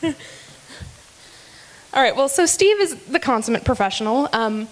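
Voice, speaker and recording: A woman's voice: sits high, animated, a little slow. A woman hosting a live comedy roast, teasing speakers with a giggly, filler-heavy delivery. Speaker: roast emcee.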